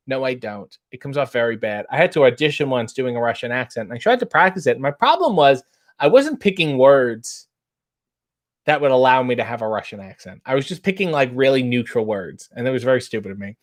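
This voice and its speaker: A man in his thirties hosts a casual chat, reading viewer comments aloud with a wry, animated delivery. His voice is mid-range and fairly quick.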